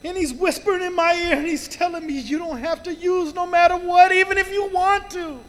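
A man's voice: very high voice, steady tone, fairly quick, a bit bright, big-room sound. A man telling a heartfelt personal recovery story to a live group, swearing freely and often turning to the crowd with "you guys". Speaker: recovery meeting speaker.

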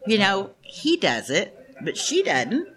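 A woman in her fifties speaks slowly at a recovery meeting, her medium-pitched, fairly bright voice swinging hugely in pitch. She addresses the room directly with a frank personal testimony, laughing and swearing often.

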